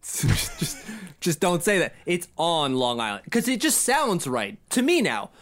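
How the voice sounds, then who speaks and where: Animated man, native French speaker. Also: fairly high pitch, unhurried. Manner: animated, acts out quoted voices. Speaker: co-host. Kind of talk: casual podcast chat.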